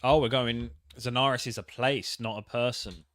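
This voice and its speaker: A man's voice: mid-range voice, steady tone, normal speed, fairly bright tone, dry recording. A man casually commenting on a game he is playing, joking and mocking himself as he reads the text aloud. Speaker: gaming channel host. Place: home setup, in England.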